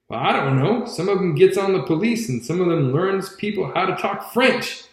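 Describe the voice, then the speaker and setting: A man's voice: high-pitched, expressive, normal speed, few pauses. Man reading a novel, echoey room. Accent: Southern US. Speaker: audiobook reader. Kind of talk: narrating a novel in dialect.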